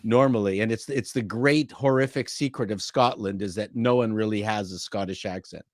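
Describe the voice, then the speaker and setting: A man's voice: fairly low pitch, normal speed, no echo, studio quality. A man chatting casually as a podcast panelist, rambling and joking, from a home basement. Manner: jokey, rambling storyteller.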